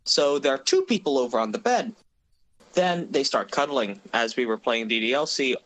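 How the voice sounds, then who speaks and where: A man's voice: mid-range voice, animated, moderate pace, fairly bright tone, low-quality recording. A man in his twenties tells a long story on a casual podcast, stumbling and restarting, laughing as he goes. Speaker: mod developer and podcast host.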